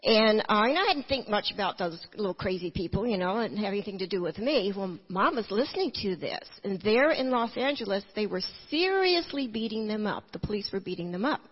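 A woman's voice: mid-range voice, animated, a little fast, few pauses, slightly rough, big-room sound, lo-fi sound. A woman telling her personal testimony in church, earnest and full of restarts. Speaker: testimony speaker.

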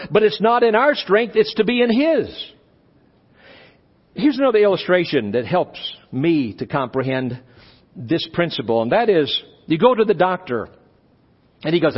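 A male pastor preaching a sermon, animated, acting out little dialogues as he goes. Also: sits high. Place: church conference hall. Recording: dull live recording in a reverberant hall.

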